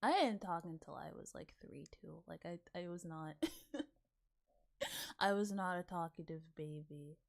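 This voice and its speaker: A woman's voice: fairly low pitch, unhurried, gravelly. A woman in her twenties chatting casually as a streamer, rambling with lots of "like", swearing and laughing often. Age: 20s. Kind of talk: casual reaction chat.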